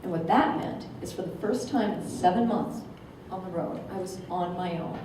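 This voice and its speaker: A woman in her forties from Minnesota with an American accent. She gives a lively, humorous storytelling speech as a guest speaker and acts out the quotes. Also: on the low side, moderate pace, background noise. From Minnesota, USA. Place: meeting hall. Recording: echoey hall, distant mic.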